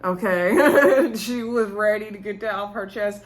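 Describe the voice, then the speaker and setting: A woman's voice: mid-range voice, unhurried. A woman vlogger chats her way through a reality show recap in a loose, conversational voice. She leans on fillers and acts out the cast's lines as she retells the arguments. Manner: chatty retelling with filler words, acting out quotes. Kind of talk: casual recap chat.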